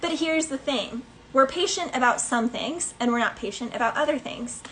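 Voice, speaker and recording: A woman's voice: sits high, normal speed, a bit bright, a little hiss or hum, rough recording. A woman giving a casual tarot reading in a chatty, playful way, laughing between thoughts. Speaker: tarot reader.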